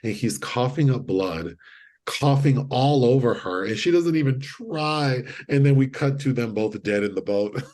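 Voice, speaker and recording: A man co-hosting a podcast, retelling a film in casual chat and acting out the characters' lines with animated delivery. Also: mid-range voice, a little slow. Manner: animated storyteller, acts out quotes. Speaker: podcast co-host.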